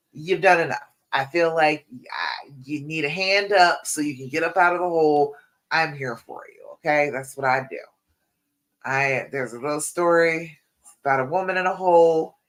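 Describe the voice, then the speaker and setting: A woman working as a relationship coach, hosting a live-stream Q&A and pep talk, speaking straight to her viewers with encouraging, repeated appeals and animated storytelling. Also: fairly low pitch.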